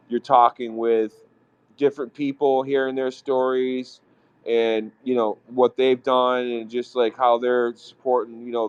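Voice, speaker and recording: Smooth-voiced man rambling in casual talk. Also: mid-range voice, dry recording. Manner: rambling, halting, with many fillers. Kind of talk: casual chat. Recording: dry, dull close sound.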